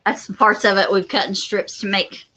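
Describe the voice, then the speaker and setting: A woman's voice: medium pitch, level tone, normal speed, sharp tone, rough recording. A woman co-hosting a homestead livestream, chatty and agreeable, chiming in often. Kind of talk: casual live-stream chat.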